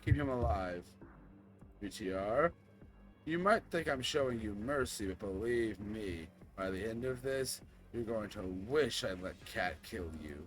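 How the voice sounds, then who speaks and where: Brief: man voicing cruel scheming father villain, slow gloating menace, faint music behind. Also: fairly low pitch, expressive.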